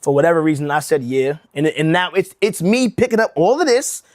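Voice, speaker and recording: A man's voice: on the high side, sing-song, a little fast, no echo, studio quality. A young man from Connecticut telling a rambling, slangy story on his livestream, saying bro a lot and often restarting his sentences. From Connecticut, USA. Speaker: rug-making livestreamer.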